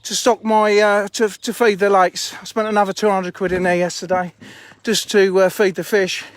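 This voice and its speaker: A man's voice: high-pitched, level tone, normal speed, no echo. A man chatting bluntly on a phone live stream while walking around his fishing lakes outdoors, a bit out of breath and swearing casually. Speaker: fishery owner streaming live.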